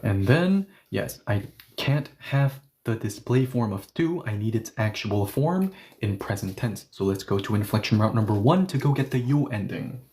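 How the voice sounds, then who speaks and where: A man's voice: fairly low pitch, lively intonation, normal speed, a little mellow, slight background noise. Man teaching grammar step by step. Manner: explains step by step, asking questions and answering them himself. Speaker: Korean language teacher. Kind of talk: grammar lesson.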